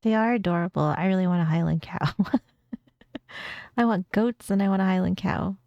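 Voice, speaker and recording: Female VTuber for casual reaction chat: low-pitched and giggly, dry and close. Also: moderate pace, a little mellow, no echo, muffled recording, soft background music. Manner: chatty, giggly, repeats words.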